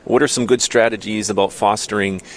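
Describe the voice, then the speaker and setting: A man's voice: fairly low pitch, fairly even intonation, fairly quick. A priest from northern Iowa talking earnestly on a radio show in a studio, often repeating his words. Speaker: priest guest. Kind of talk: conversational radio talk.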